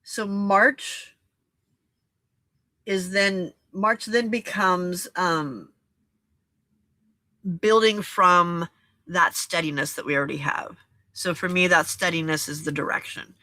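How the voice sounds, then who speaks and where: A woman hosting a journaling and crafting challenge, talking to viewers in a gentle, encouraging, reflective way and often checking in with "okay?". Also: fairly low pitch, takes it slowly, pauses often, no room sound. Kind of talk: reflective casual talk to viewers.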